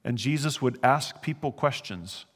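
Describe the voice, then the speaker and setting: A man's voice: mid-range voice, a little slow, a bit bright, big-room sound. A man preaching a verse-by-verse sermon as a pastor, conversational and earnest, with brief chuckles. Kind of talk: sermon, verse-by-verse Bible teaching.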